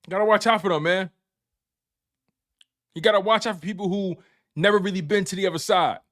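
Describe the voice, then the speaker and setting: A man's voice: sits high, a little fast. A man hosting a live sports talk stream, talking casually and repeating himself as he banters with his chat. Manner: animated, repetitive, playful trash talk to chat. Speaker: sports show host.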